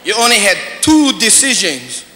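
A man's voice: sits high, sing-song, normal speed. A male standup comedian with a Hawaiian Pidgin accent, chatty and always checking in with the audience. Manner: chatty, keeps asking the audience "you know?". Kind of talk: standup routine. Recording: live stage recording with reverb and noise.

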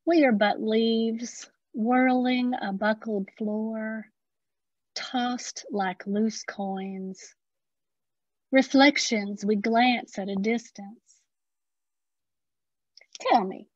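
A woman with an Appalachian accent performing spoken-word poetry, slow and deliberate with dramatic pauses. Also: a little high, dry recording, highs cut off. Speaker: poet.

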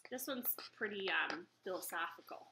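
A woman's voice: on the low side, expressive, moderate pace, noisy background. A woman working as a children's librarian, leading a baby storytime with a cheerful sing-song reading manner. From United States.

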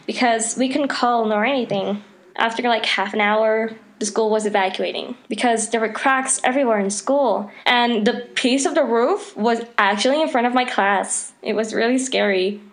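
A teenage girl from Mexico, earnestly telling a personal story about her school in a casual way. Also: fairly high pitch. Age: teens.

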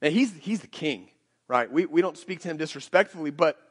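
A man's voice: fairly high pitch, lively intonation, fairly quick. A man preaching a sermon in a conversational way, often repeating and restarting his words. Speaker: pastor. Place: church sanctuary. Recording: church hall with long reverb.

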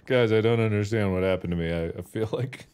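A man's voice: fairly low pitch, a little mellow, clean tone. A man hosting a gaming video, giving playful, goofy gameplay commentary with jokes and silly noises. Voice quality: goofy, jokey, bursts of laughter and silly sounds. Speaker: gaming host.

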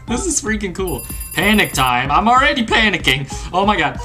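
A man doing let's play game commentary, reading instructions aloud with sarcastic asides and breaking into panicky yelps and rapid exclamations. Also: sits high, big pitch swings. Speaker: gaming channel host. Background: game music.

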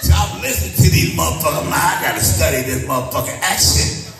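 Middle-aged male comic, high and very animated delivery, loud profane storytelling; echoey room, distant mic, music underneath. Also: fast. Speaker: stand-up comedian. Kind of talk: stand-up comedy set.

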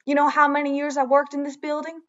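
A young woman plays a self-important teacher of the triangle who lectures with deadly seriousness in an improvised mockumentary. Her voice sits a little high and the recording sounds dull and lo-fi. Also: completely flat delivery, quick pace, close to an everyday voice. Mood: pompous. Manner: pompous, earnest lecturing.

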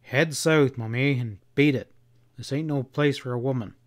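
A man reading an audiobook, voicing a gruff, impatient cowboy who speaks in short, growled lines. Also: medium pitch, moderate pace, close to an everyday voice.

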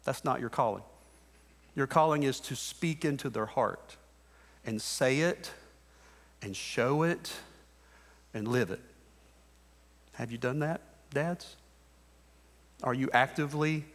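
A man in his thirties delivers a sermon from the pulpit in an earnest, exhorting way. He drives his points home by repeating short phrases. His voice carries a long church reverb. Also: mid-range voice. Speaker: pastor. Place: church sanctuary.

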